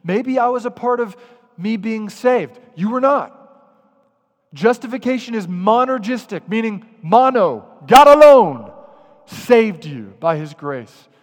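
A man with a high voice delivers an animated sermon as pastor, addressing the congregation directly. His voice carries a long reverb from the hall it was recorded in. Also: a little slow. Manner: animated, acts out grumbling voices.

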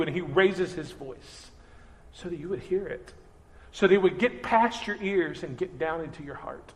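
A man preaching a sermon as pastor, earnest and animated, acting out everyday voices. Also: on the high side, moderate pace. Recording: reverberant hall.

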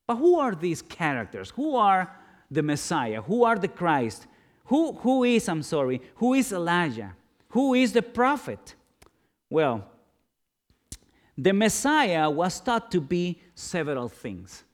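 Slow, dramatic male preacher. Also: wildly swooping pitch. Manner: dramatic, swings from loud questions to hushed low lines. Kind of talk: sermon.

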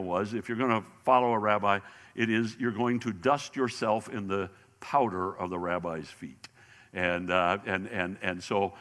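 Male Bible teacher, lively and bright-voiced, restarts and repeats words, long hall reverb. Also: mid-range voice. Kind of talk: sermon-style Bible lesson.

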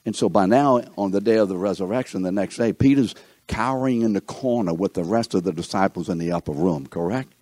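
A man's voice: lowish voice, brisk, no room sound. A man teaching a Bible lesson and asking his class questions. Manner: animated, asks the class questions.

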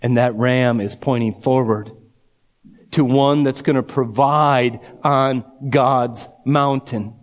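A man's voice: medium pitch, steady tone, slow. A man preaching a sermon, reading scripture aloud and building to fervent emphasis. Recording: long hall reverb.

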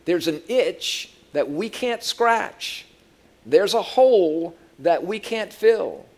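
Male Bible teacher; casual, funny storytelling sermon, fairly high-pitched. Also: animated, slow pace. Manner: humorous storytelling, asks the audience questions. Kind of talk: conversational sermon.

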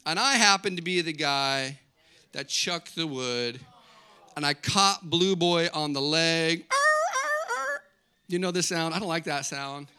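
High, bright-voiced animated male preacher. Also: slow, long pauses, smooth. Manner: animated, joking storytelling preacher. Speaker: pastor. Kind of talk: sermon.

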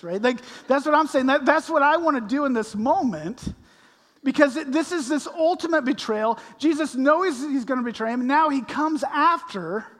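A man with a high voice preaches a sermon in a church sanctuary that rings with long reverb. He drops to a hush, then swells to loud, and slows right down for scripture. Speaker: pastor. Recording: echoey hall with long reverb.

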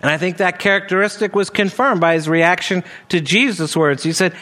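A man with a high-pitched voice delivers a sermon, teaching earnestly through a scripture passage verse by verse. He reads the verses aloud and breaks into conversational asides. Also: animated, moderate pace, few pauses, fairly bright tone. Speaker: preacher.

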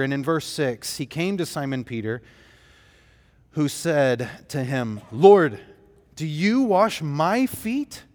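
A man's voice: on the high side, in a large hall. A man preaching a sermon as pastor, telling the story in an earnest, emphatic way.

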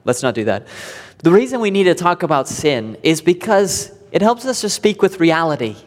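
A man preaching a sermon to his church, emphatic and deliberate, repeating key words for weight. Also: high-pitched, sing-song, long reverb tail. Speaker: pastor. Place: church sanctuary.

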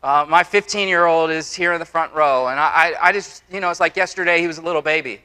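A man's voice: fairly high pitch, fast, pushed and bright, clear, resonant tone. A man in his forties preaching a sermon to a church congregation, earnest, with repetitions and casual asides. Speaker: pastor.

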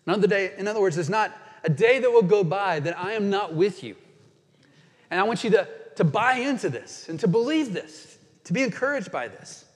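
A man delivers a sermon from a church sanctuary, his voice sitting fairly high. He is earnest and slows right down to savor quoted scripture. The sound carries a long reverb from the hall. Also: expressive. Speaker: pastor.

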